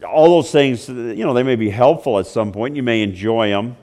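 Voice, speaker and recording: With medium pitch and a moderate pace, a male pastor preaches, telling the story through chatty asides while shifting from booming to quiet passages.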